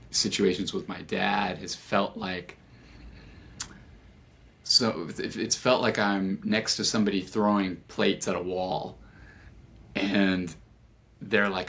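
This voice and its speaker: A man's voice: low-pitched, gravelly, a bit bright. A man hosting a podcast interview, reflecting thoughtfully on his guest's story. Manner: reflective, searching for words. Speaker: podcast host. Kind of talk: casual interview talk.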